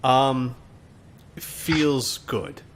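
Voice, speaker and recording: A man's voice: medium pitch, fairly even intonation, very slow. A man narrating as a tabletop game master, rambling and searching for words.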